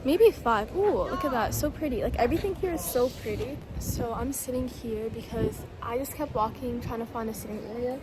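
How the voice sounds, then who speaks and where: A woman's voice: on the high side, fairly quick, few pauses, a loud crowd. A young woman chatting to her phone camera outdoors in a casual travel vlog, playfully dramatic and full of "like". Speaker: travel vlogger. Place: outdoors in the countryside. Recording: noisy outdoor ambience.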